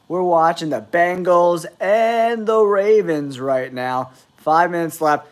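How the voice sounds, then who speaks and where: A man's voice: a little high, steady tone, unhurried. A man with a nasal voice from a cold, hosting a live football stream with blunt, exasperated commentary. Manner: blunt, exasperated trash talk. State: has a cold.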